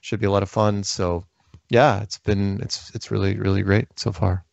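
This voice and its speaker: A man's voice: on the low side, level tone, normal speed, vocal fry, a little mellow, no echo, dull audio. A man hosting a call-in show, joking and rambling, laughing often. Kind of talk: casual call-in chat.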